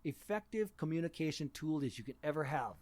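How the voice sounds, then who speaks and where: A man's voice: on the high side, animated, fairly quick, a little mellow. A man who teaches English, talking casually and stressing his points by repeating them. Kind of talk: casual conversation.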